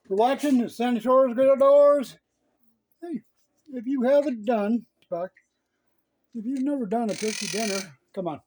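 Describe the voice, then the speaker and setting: A man's voice: high voice, warm tone. A man hosting a casual cooking vlog, chatting as he shows the meal and teasing a pet chicken, often asking "right?". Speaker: outdoors channel host.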